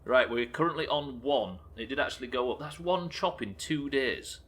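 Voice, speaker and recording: A man streaming a game live, talking excitably, swearing often and thanking viewers as he plays. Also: mid-range voice, moderate pace. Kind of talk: live gameplay commentary.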